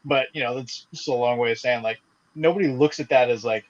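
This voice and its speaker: A man's voice: medium pitch, fairly quick. Male podcast co-host from the South, rambling and profane, on dull lo-fi audio. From American South. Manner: rambling, swears freely, says "like" a lot. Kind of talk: casual chat.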